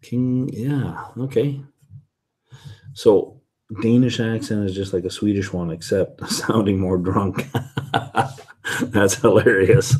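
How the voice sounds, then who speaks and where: Unhurried man with a lowish voice, casual whisky vlogger who rambles and corrects himself. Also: a little mellow. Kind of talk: casual chat reading viewer comments.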